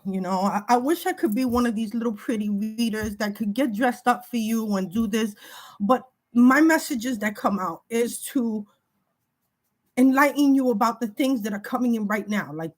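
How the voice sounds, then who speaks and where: Woman vlogger, somewhat high voice, talks to camera in an urgent, shaky, stumbling way. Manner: halting, repeats words, breaks off emotionally; urgent warning tone. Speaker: spiritual video creator. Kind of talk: emotional direct-to-camera monologue.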